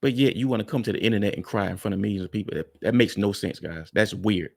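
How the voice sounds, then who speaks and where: A man's voice: fairly low pitch, fast, vocal fry. A man hosting a reaction video, talking bluntly and frankly to his viewers in casual commentary.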